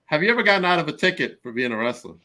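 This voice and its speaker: A man's voice: fairly high pitch, sing-song, racing, bright, forceful tone. A man hosting a podcast, upbeat and chatty in casual interview chat. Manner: upbeat, laughs often between lines. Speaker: podcast host.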